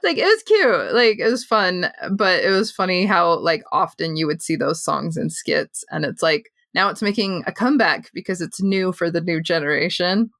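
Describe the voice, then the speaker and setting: A woman's voice: lowish voice, animated, moderate pace, few pauses, a bit bright, no echo. A woman co-hosting a podcast in casual chat, chatty with many fillers and laughs. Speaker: podcast co-host.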